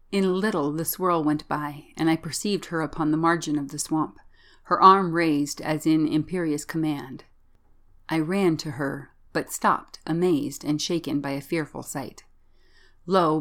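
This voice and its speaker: A woman reading a gothic story aloud in measured, dramatic first-person narration. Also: deep voice.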